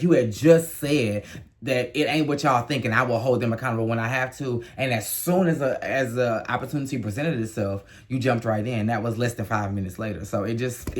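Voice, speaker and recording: A man in a casual vlog reviewing a reality show, with a medium-pitched voice. He talks openly and emotionally, blunt and expressive. His voice often jumps high when he gets worked up.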